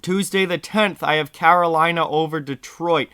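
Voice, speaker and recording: Hoarse male host, fairly high-pitched and bright, chatty casual picks talk to camera. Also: steady tone, normal speed, dry recording, clean studio sound. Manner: chatty and direct to viewers. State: hoarse from yelling. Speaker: sports picks show host.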